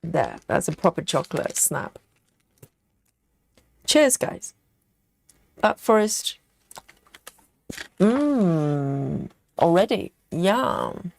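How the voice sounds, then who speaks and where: A woman's voice: on the low side, animated, drawn-out words, gravelly, long pauses. A woman hosting a live stream in casual, chatty talk, reading out and answering viewer comments with frequent laughs.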